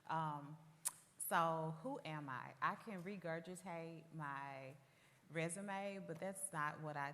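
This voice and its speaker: A low-pitched woman in her forties with a Southern US accent, talking earnestly and proudly about her roots. Her voice carries a long hall reverb, as if she is recorded in a big room. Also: a bit bright. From Tennessee, US. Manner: earnest, proud, measured storytelling. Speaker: school superintendent. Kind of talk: interview conversation.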